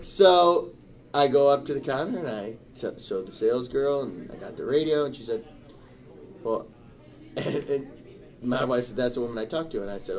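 A middle-aged man telling a story in casual chat, animated and turning indignant as he goes. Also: mid-range voice. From Michigan, USA. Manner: animated, rising to indignant outbursts. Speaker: storyteller on a talk show.

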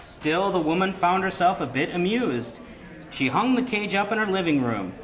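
A man's voice: high voice, expressive, moderate pace, noisy background. A man co-hosting a casual chat and narrating a joke, agreeable and brief. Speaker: podcast co-host and narrator.

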